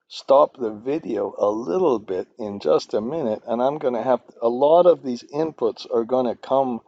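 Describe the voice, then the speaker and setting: Man, spreadsheet tutorial, rambling, self-deprecating, mellow voice, dry dull lo-fi sound. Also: mid-range voice, no room sound. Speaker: finance instructor. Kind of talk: screen-recorded spreadsheet tutorial.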